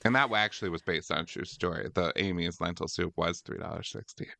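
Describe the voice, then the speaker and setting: A man's voice: low voice, quick pace, creaky, pushed and bright, dry recording. A man co-hosting a podcast in casual comedic chat, playful and teasing, often slipping into little bits. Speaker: podcast co-host.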